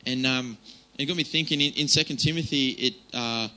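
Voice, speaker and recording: A man's voice: mid-range voice, a little fast, pushed and bright, low-quality recording. A man giving an informal, chatty sermon, with many fillers and restarts. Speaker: preacher.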